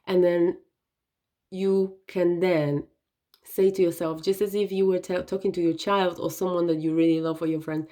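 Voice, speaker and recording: A woman giving an earnest, gentle self-help talk, often checking in with "right?" and "okay?". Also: fairly low pitch, flat delivery, moderate pace. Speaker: wellness vlogger.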